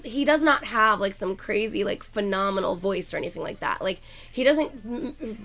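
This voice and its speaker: A sick young woman coughs as she chats casually with livestream viewers, excitable and gushing as she reads names off the chat. Her voice is medium in pitch.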